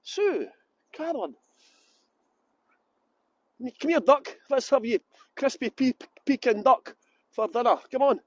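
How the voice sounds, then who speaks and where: Brief: Scottish tour guide, middle-aged man, cheeky banter with viewers, phone on a gimbal outdoors, very high pitch. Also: very animated, takes it slowly, long pauses, darkish tone, no echo. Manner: cheeky, joking, chatty greetings to viewers. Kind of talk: livestreamed walking tour chat. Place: city streets outdoors.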